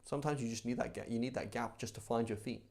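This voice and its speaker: A man's voice: medium pitch, steady tone, quick pace, creaky, darkish tone. Male teacher, mid-range voice, casual chatty lecture style with lots of asides. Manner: chatty, conversational, with frequent asides and rhetorical questions. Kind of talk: casual religious class.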